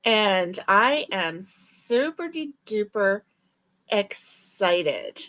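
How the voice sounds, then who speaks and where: A woman's voice: mid-range voice, big pitch swings, drawn-out words, a bit bright. A woman hosting a crochet livestream, chatting casually with viewers. She sounds tired and yawns, but keeps up friendly, chatty greetings. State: tired and yawning. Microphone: livestream webcam mic.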